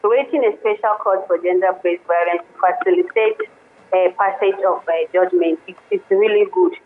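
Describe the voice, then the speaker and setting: A woman, a lawyer guest on a radio show, speaking haltingly with many restarts. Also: lowish voice, steady tone, a little hiss or hum. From Nigeria. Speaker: guest, women's rights lawyer. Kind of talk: radio interview by phone. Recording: phone line into radio studio.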